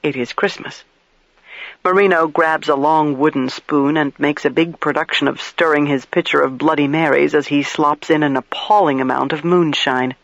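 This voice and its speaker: A man's voice: fairly high pitch, steady tone, gravelly, a bit bright, no echo, dull audio. Man narrating a crime audiobook. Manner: measured, storytelling. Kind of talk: scripted first-person narration.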